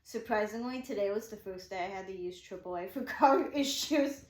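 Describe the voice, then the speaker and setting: A vlogger casually recounts her day, rambling with many restarts and plenty of "I'm like," and excitedly acting out what people said. Her voice is mid-range at a moderate pace, in an echoey room.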